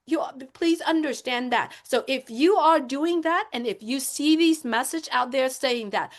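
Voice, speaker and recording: A woman's voice: high voice, unhurried, hardly any pauses. A woman speaking as a panelist on a webinar, giving an impassioned, emphatic talk that circles back to its points. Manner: emphatic, repetitive, lecturing.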